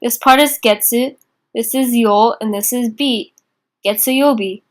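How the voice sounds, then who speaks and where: A young woman teaching a casual beginner class in an informal, chatty way, slowing down to repeat phrases. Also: fairly high pitch, fairly even intonation. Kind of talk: casual online lesson.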